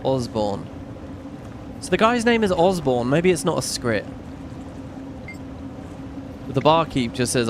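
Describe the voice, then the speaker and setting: A man's voice: fairly high pitch, a little hiss or hum. A man giving casual let's-play commentary, chatting and musing aloud as he reads on-screen game text. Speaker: gaming YouTuber. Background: game music.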